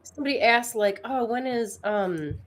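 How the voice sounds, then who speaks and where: A woman's voice: fairly high pitch, animated, moderate pace. Laid-back rambling woman. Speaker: co-host. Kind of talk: casual chat.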